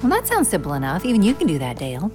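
An actress playing an eager, chatty wife in a radio drama, excitable and quick to join in. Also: female voice, on the low side, music in the background. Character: eager, chatty adult woman. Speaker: journalist's wife.

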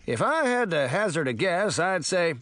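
A man's voice: high voice, big pitch swings, moderate pace, fairly bright tone, no echo, voice pushed up. Man doing a timid portly sheriff. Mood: plodding. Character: portly, timid male small-town sheriff.

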